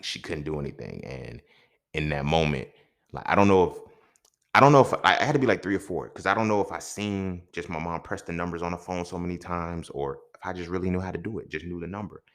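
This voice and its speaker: Young guy, real low voice, telling his own story, swears a lot, keeps going "you feel me". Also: gravelly, a bit bright. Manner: emphatic, profane, keeps checking in with listeners. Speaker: podcast host. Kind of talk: personal storytelling.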